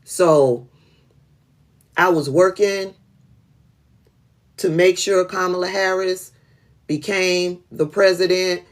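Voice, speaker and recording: Slow-talking, blunt livestream host woman. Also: on the low side, fairly even intonation. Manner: blunt, profane, laughing, talks to chat viewers by name. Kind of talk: casual livestream commentary.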